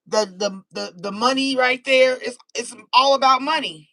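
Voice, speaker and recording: An American woman doing a casual live-stream tarot reading, animated and chatty, laughing easily. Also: on the high side, normal speed, few pauses, no room sound, rough recording. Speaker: tarot reader.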